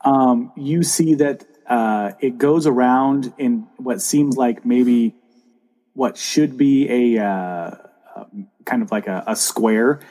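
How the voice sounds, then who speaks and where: A man narrating a tabletop game as dungeon master, pausing often with ums and uhs. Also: mid-range voice, warm tone. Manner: hesitant, many ums and uhs.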